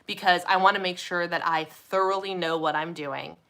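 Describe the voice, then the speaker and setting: Bright, chatty woman host. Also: fairly low pitch, fairly even intonation, moderate pace. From Minneapolis area, USA. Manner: chatty, upbeat, reads comments aloud. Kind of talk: casual live chat with viewers.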